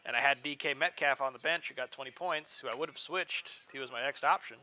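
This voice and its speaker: A man's voice: mid-range voice, fairly quick, dull audio, slight background noise. A man streaming a game, chatting casually and rambling at length with friends. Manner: rambling, animated. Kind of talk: casual chat while gaming.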